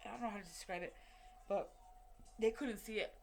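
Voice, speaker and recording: A woman's voice: mid-range voice, a little fast, gravelly, a little mellow, a little hiss or hum. A woman recounting a personal story in a rambling, heavily profane way, full of fillers and restarts and acting out what people said. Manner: re-enacts what people said in quoted dialogue. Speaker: vlogger telling a personal story. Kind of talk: casual spoken storytelling.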